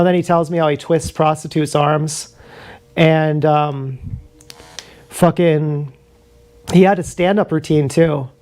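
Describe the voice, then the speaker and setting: A man's voice: fairly high pitch, a little mellow. A young man streaming live, telling meandering, profane stories in a casual chat with many restarts. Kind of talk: rambling casual storytelling.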